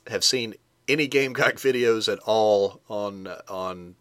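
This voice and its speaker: A man hosting a casual sports talk show, talking in a halting way with many fillers and restarts. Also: fairly low pitch, fairly bright tone, clear, resonant tone, dry recording.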